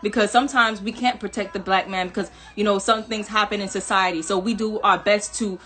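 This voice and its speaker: A woman's voice: medium pitch, fairly even intonation, fairly quick, a bit bright. Earnest woman. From Atlanta. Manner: earnest, emphatic, with restarts. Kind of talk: casual spoken commentary.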